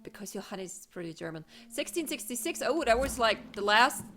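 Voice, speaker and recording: A woman's voice: fairly high pitch, big pitch swings, a little fast, bright, forceful tone. Chatty woman streamer reading game letters. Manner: chatty, self-mocking asides between readings. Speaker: let's play streamer. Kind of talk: casual gaming commentary, reading in-game letters aloud. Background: game music.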